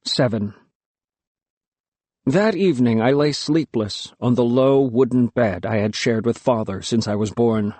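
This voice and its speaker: A man's voice: mid-range voice, unhurried, dark tone, dry recording. A man narrating an audiobook in the first person, telling the story expressively and without hurry.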